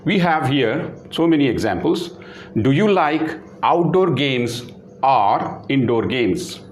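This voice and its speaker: A man's voice: mid-range voice, echoey room. Man, Indian English accent, repetitive classroom explaining, faint background hiss. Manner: repetitive, many fillers, spells words out. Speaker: English teacher.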